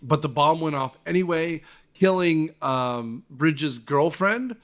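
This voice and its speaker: This is a man with a slightly higher-than-average voice hosting a casual movie-review podcast. He retells scenes with animated, swearing energy. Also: slow. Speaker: podcast host.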